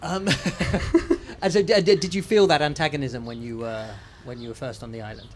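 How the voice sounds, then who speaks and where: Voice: medium pitch, steady tone, normal speed. A host interviewing an author at a bookshop event, asking thoughtful, hesitant questions with many restarts.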